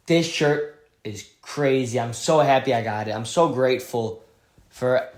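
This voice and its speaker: A male vlogger giving an excitable, slangy recap of a fight week, full of "like"s. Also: mid-range voice. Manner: excitable, slangy storytelling with many "like"s. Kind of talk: casual event recap vlog.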